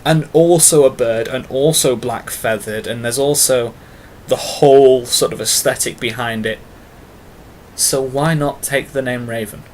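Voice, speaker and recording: A man's voice: mid-range voice, a little slow, slight background noise. A British man talking casually to camera in a tag video, long-winded and full of fillers, with self-mocking asides. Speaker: vlogger.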